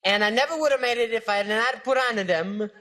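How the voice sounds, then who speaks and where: A man's voice: very high voice, fast, bright, forceful tone, poor audio. A man on a game show panel cracking wisecracks. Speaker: celebrity panelist. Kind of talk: joking banter.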